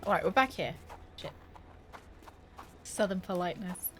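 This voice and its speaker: A woman's voice: on the low side, lively intonation, normal speed, soft background music. A woman from Scotland with a Scottish accent, chatting, joking and swearing casually while streaming a game. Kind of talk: casual gameplay commentary.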